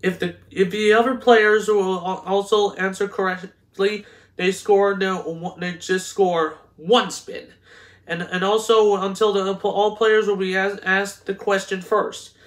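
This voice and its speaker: High-voiced man stumbling through instructions. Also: flat delivery. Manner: halting, stumbling over words with frequent restarts. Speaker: host. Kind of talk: reading game instructions aloud.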